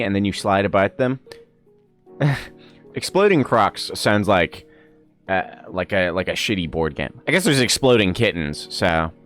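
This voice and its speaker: A young man from Ireland with an American-sounding accent, a streamer telling stories in a casual, laughing, swearing manner. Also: lowish voice. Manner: laughing, animated, swears freely. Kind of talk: casual storytelling chat.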